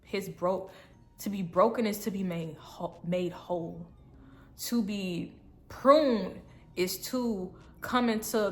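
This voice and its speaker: With a slightly bright voice pitched on the low side, this woman vlogs about her faith, recounting an emotional personal story to viewers. She speaks earnestly and repetitively, now and then dissolving into tears or laughter.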